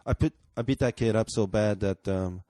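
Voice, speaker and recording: A man's voice: on the low side, normal speed, mellow, dry recording. A man from Japan, a guest comedian talking bluntly and earnestly in a casual podcast chat, swearing freely.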